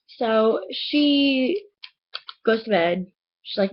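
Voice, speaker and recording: A woman's voice: fairly high pitch, lively intonation, slow, muffled recording. A young woman in a casual book review vlog, chattily retelling a plot with lots of "like". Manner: gushing, chatty retelling with many "like"s.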